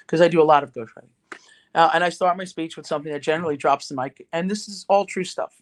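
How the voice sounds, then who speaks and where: A middle-aged woman, a ghostwriter and speaker, telling an anecdote as a podcast guest in an animated, conversational way. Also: low-pitched, fast. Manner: animated, conversational storyteller with restarts. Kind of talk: told anecdote and podcast chat.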